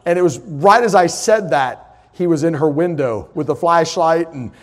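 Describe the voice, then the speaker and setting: A middle-aged man, preaching a sermon with folksy stories that build to loud, emphatic points. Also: on the high side, normal speed. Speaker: pastor. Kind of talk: sermon with personal story.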